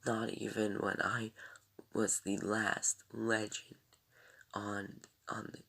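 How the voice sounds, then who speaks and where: A man's voice: fairly low pitch, monotone, slow pace, creaky, pushed and bright, full character voice. A man voicing an exasperated young man venting at his team, whiny and indignant.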